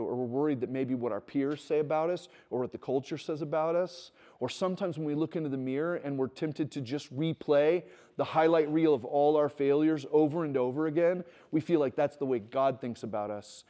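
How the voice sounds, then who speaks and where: A middle-aged man giving a conversational sermon to students, telling stories and acting out quoted dialogue. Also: on the high side. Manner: conversational, acts out quoted dialogue, builds to animated emphasis. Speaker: speaker at a Christian wilderness school. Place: teaching room with students.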